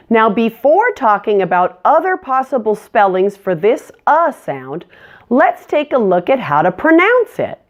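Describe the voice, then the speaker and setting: Slow, lively-voiced woman teaching pronunciation. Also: a little high. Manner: clear, deliberate modeling of words. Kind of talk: scripted pronunciation lesson.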